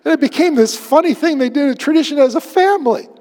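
A man preaching a sermon, with a conversational, animated storytelling manner. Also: extremely high pitch, brisk, in a large hall. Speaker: pastor.

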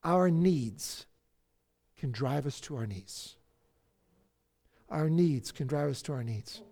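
A man preaching a sermon who acts out the psalmist's cries, swinging from loud outbursts to near-whispers. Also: on the high side, lively intonation, slow. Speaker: pastor.

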